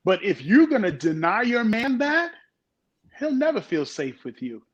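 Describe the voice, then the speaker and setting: A man's voice: high-pitched, sing-song, a little slow, highs cut off. A man co-hosting a podcast, talking with emphatic, playful energy. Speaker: podcast co-host. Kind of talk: casual discussion.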